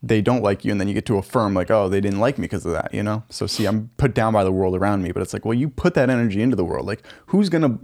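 Fast-talking young man, casual chat. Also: fairly low pitch, a little mellow. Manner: quick, conversational, uses many fillers.

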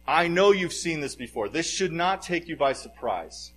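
A middle-aged male pastor delivering a sermon with a slightly raised pitch. He preaches earnestly, pressing key words with surges of emphasis. His delivery moves between conversational asides and fervent scripture reading. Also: big pitch swings, normal speed, fairly bright tone, slight background noise, rough recording. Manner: earnest, emphatic preaching with rising bursts of volume.

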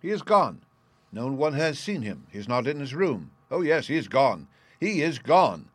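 A man voicing a frail young maid, recently ill, speaking in a high, loud, agitated way. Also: animated, normal speed, no echo. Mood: distraught.

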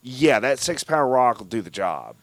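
A medium-pitched man speaking at a moderate pace co-hosts a laid-back film podcast. He's animated and profane, cursing freely and retelling scenes in mocking voices.

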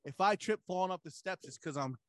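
A man's voice: high-pitched, quick pace, dry recording, clean studio sound. A man co-hosting a podcast in casual, profane banter, emphatic and enthusiastic about what he loves. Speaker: podcast co-host.

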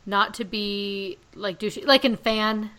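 Bright-voiced chatty woman podcast host. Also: mid-range voice, unhurried, poor audio. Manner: chatty, animated storytelling. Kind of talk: casual chat.

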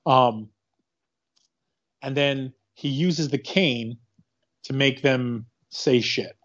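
A man co-hosting a casual chat about a movie, retelling scenes in a rambling, animated way with quick quoted asides. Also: mid-range voice. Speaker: podcast co-host. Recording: dull lo-fi sound.

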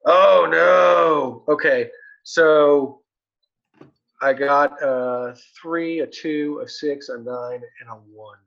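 A man's voice: medium pitch, fairly even intonation, slow, lo-fi sound. A man playing a tabletop game, chatting casually and thinking aloud as he counts his dice.

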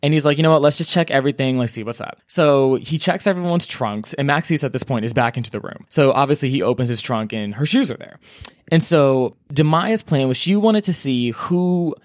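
A man's voice: medium pitch, fairly quick, dry recording, studio quality. A man co-hosting a book club podcast, casually summarizing a plot and acting out the characters' lines. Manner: animated retelling, acts out characters' lines.

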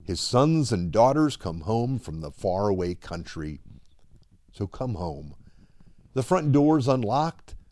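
A man preaches a dramatic devotional sermon, slow and deliberate, often dropping to a hush at the end of a line. His voice is mid-range with big pitch swings.

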